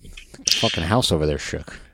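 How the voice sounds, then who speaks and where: A man from New Jersey, co-hosting a casual chat over a video call and telling profane, animated stories. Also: rumbling low, normal speed, creaky, very noisy. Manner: profane, storytelling, animated impressions. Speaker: podcast co-host.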